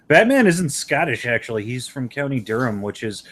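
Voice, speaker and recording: With a medium-pitched, sing-song voice that's a bit bright, this streamer talks at a moderate pace. He hosts a live chat casually, spinning loose, profane stories and laughing often.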